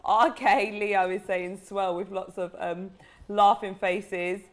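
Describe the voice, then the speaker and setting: A woman hosting a live watch-along chat, excitable and laughing a lot. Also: mid-range voice, takes it slowly. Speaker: host.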